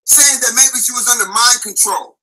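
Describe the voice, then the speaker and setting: A man hosting a live-stream show, ranting loudly and profanely and often calling out to his audience. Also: extremely high pitch, normal speed, poor audio. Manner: loud, preachy, often shouting, addresses the chat; repeats "ladies and gentlemen". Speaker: livestream show host.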